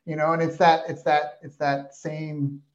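A man's voice: on the high side, flat delivery, measured pace, dull audio. A man telling a story in a casual conversation, rambling and enthusiastic. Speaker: interview guest.

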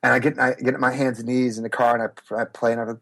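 A man, a speaker and business coach, telling animated stories in an interview and acting out the voices of others. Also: mid-range voice, quick pace, creaky. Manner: acts out voices and gasps, lively and expressive. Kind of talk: animated storytelling in a podcast interview.

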